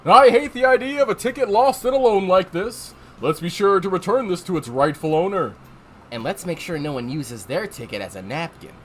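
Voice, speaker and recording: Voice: mid-range voice, lively intonation, normal speed, fairly bright tone, slight background noise, natural voice. A streamer doing a courteous old train conductor. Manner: polite, formal announcer tone. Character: old male train conductor on his final day, formal and kindly.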